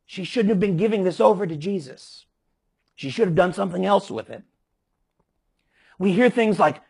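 A man's voice: high voice, expressive, normal speed, gravelly, long pauses, a little mellow, breathy edge. A man preaching a sermon emphatically, with frequent restarts as he explains scripture. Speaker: pastor.

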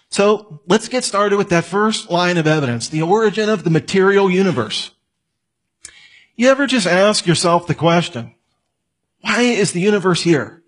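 A man's voice: fairly high pitch, slightly rough. A man giving a conversational lecture, asking his listeners questions and adding joking asides. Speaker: apologetics teacher. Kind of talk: lecture on evidence.

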